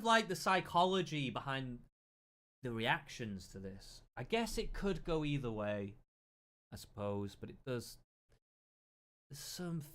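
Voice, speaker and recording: A man's voice: a little high, a bit bright. A man giving casual reaction commentary, thinking aloud, repeating himself and swearing freely.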